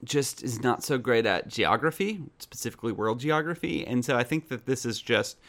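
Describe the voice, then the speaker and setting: A man's voice: mid-range voice, animated, moderate pace, a bit bright. A young man co-hosting a comedy podcast, rambling and giggly with frequent restarts. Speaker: podcast co-host. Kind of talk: casual comedic chat.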